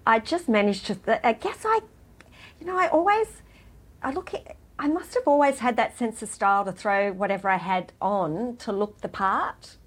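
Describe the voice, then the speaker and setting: A middle-aged woman, a podcast guest, telling her story in a heartfelt, halting way with frequent restarts. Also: fairly high pitch, lively intonation, breathy edge. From Australia. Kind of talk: emotional personal interview.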